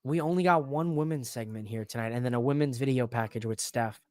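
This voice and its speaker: A man hosting a podcast alone, talking in an excitable, rambling way that swears freely. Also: mid-range voice, quick pace, no room sound. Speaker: podcast host. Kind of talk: casual solo wrestling recap.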